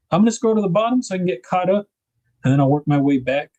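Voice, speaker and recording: A man's voice: high voice, lively intonation, quick pace, mellow. A man hosting a casual livestream, chatting to viewers, reading their comments aloud and laughing often. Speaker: livestream host.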